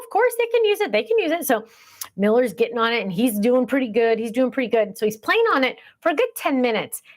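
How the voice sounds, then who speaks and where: A middle-aged woman chats casually on a livestream, wandering from story to story and stopping to read viewer comments aloud. Her voice sits at an ordinary middle pitch. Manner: chatty, rambling, reads viewer comments aloud. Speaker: livestream host.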